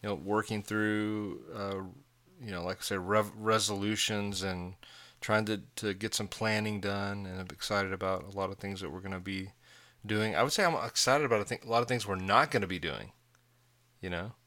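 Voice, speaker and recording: A man in his forties tells a story in a rambling, self-mocking way. His voice sits fairly low but sounds forceful and bright. He laughs often as he goes. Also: steady tone, normal speed. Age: 40s. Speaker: podcast co-host. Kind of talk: casual chat.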